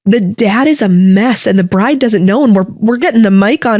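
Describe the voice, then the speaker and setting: A woman co-hosting a podcast as a wedding videographer, telling stories in an animated, casual way. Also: fairly quick, few pauses, dry recording, studio quality. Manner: animated storyteller, jumps up high when excited. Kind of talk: casual chat.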